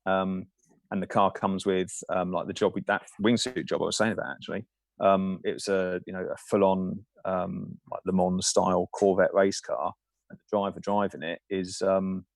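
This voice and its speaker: A man's voice: low-pitched, little pitch movement, moderate pace, vocal fry, no room sound. A man, a film safety supervisor, talking as a podcast guest in loose, rambling anecdotes with many fillers. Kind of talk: casual podcast interview.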